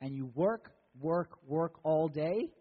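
A man's voice: a little high, lively intonation, slow. A man preaching a sermon in a church, repeating key words for emphasis. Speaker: pastor. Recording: dull, echoey church recording.

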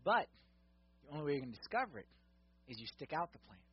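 Animated husky male preacher. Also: on the high side, fast, no room sound, lo-fi sound. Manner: animated, swings between loud emphasis and quiet asides. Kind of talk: sermon.

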